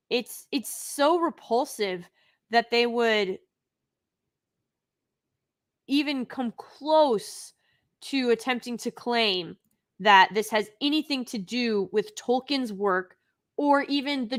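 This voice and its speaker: Slow, bright-voiced indignant woman reviewer. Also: on the high side. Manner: indignant, emphatic, with sighs and restarts. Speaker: live-stream reviewer. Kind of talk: unscripted live review commentary.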